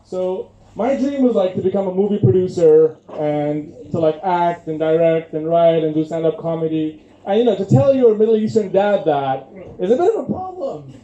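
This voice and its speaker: A young man from Syria with a Syrian Arabic accent doing a self-mocking stand-up set, halting often with fillers. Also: high voice, expressive, dull audio. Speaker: stand-up comedian. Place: comedy club stage. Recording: echoey club with loud noise, bad audio.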